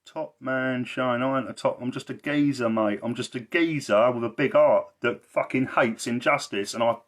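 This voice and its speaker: A man's voice: mid-range voice, normal speed. A man talking in a blunt, rambling way on a casual livestream, swearing a lot and repeating himself for emphasis. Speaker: livestreamer and social care campaigner.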